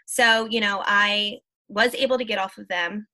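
A woman's voice: medium pitch, steady tone, moderate pace, pushed and bright. A woman in her thirties, a podcast guest, telling her personal story candidly, with many fillers and acted-out quotes.

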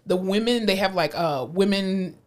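A woman in her late twenties co-hosting a podcast in casual chat, playful and quick to laugh. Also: medium pitch. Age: late 20s. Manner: laughs often, playful and animated. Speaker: podcast co-host.

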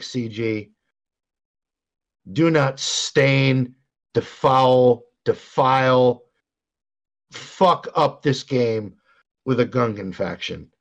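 A man's voice: mid-range voice, muffled recording. An older man co-hosting a podcast, ranting in a profane, exasperated way. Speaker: podcast co-host. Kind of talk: casual podcast rant.

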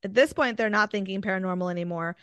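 A woman co-hosting a podcast, telling a strange story in a casual, animated way with lots of fillers. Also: medium pitch, quick pace, clear, resonant tone, no echo, lo-fi sound. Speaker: podcast co-host.

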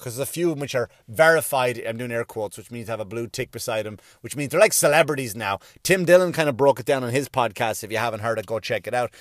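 A man ranting profanely from inside his parked car, often rising to angry shouting. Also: mid-range voice, no echo, clean studio sound. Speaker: podcast host. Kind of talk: profane comedic rant.

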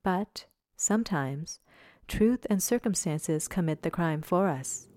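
A woman in her twenties reading a first-person memoir in a measured, reflective way. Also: on the low side, animated, dark tone, no echo, studio quality. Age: 20s. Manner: measured, reflective, slow pauses. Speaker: narrator.

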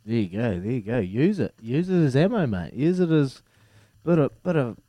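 A man's voice: mid-range voice, very animated, normal speed, warm tone, no echo. A man with a New Zealand accent hosting a breakfast radio quiz, in jokey, matey banter. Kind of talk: casual breakfast radio chat.

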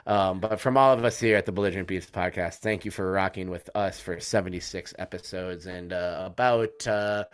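A man's voice: sits low, brisk, hardly any pauses, clean tone. A man hosting a college sports fan podcast, signing off in a loose, joking way with lots of fillers and cursing. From United States. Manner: rambling, joking, swears freely, many fillers. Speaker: podcast host.

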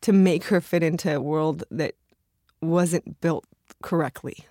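A woman's voice: deep voice, unhurried, warm tone, no echo. A woman actress speaking earnestly and emotionally in a studio interview, near tears at times. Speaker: actress, guest. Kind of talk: heartfelt interview talk.

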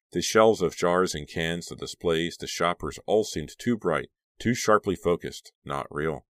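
A man narrating a young-adult horror audiobook in an even, measured reading. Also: low voice, dry recording.

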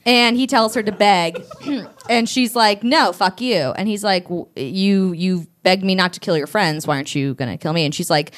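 A woman's voice: mid-range voice, normal speed. A woman co-hosting a live podcast on a theater stage, casually recapping a book and acting out its lines with playful voices. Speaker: podcast co-host.

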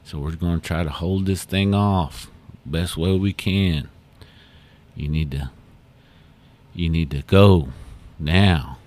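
A man's voice: low-pitched, takes it slowly, pauses often, a little mellow. A man storyteller voicing a wary older man with a pack of guard dogs who gives urgent, pleading warnings.

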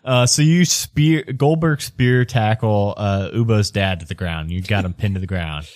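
A man's voice: fairly low pitch, measured pace, a little mellow, no echo, clean studio sound. A man narrating a tabletop game as game master, hesitant and full of fillers.

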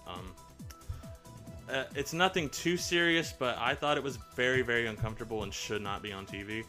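A man's voice: medium pitch, moderate pace, sharp tone, soft background music. A man co-hosting a casual podcast, rambling through wrestling recaps with lots of fillers and acted-out quotes. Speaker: podcast co-host. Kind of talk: casual chat.

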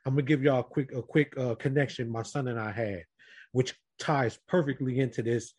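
A man's voice: medium pitch, brisk, darkish tone, husky. A man leading a casual group podcast chat, telling an earnest personal story and speaking directly to the others around him.

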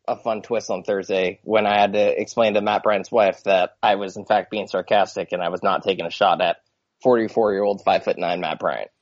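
A man's voice: fairly low pitch, no room sound, muffled recording. A young man co-hosting a sports podcast, telling anecdotes in a loose, easygoing way. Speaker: podcast co-host. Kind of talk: casual sports podcast chat.

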